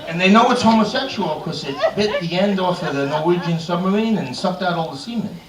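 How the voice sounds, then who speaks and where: A man's voice: high-pitched, animated, a little fast, crowd noise. A man doing a bawdy stand-up set in a comedy club, telling dirty jokes with lots of "I said, he said.". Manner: crude, bawdy joke-telling with frequent "I said, he said". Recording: echoey room, mic far off.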